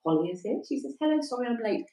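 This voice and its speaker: A woman's voice: a little high, big pitch swings, rapid-fire, warm tone. A woman co-hosting an evening livestream from a holiday stay in Wales, chatting casually, giggling and reading viewer comments aloud. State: stiff neck. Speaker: livestream co-host. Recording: roomy echo, distant from the mic.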